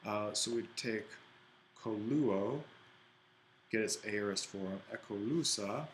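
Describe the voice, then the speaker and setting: A man's voice: fairly low pitch, slight background noise, poor audio. A man teaching an ancient Greek exercise, thinking aloud and correcting himself as he writes. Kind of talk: worked-exercise lesson.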